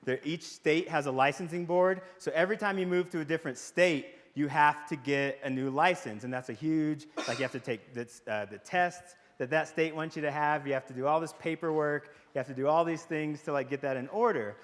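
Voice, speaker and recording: A man's voice: on the high side, a little fast, few pauses. Texan man telling stories in a hall. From Waco, Texas. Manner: casual, storytelling, jokey, questions the audience. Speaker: psychology professor. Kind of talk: convocation talk to students. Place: large hall with audience. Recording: long hall reverb.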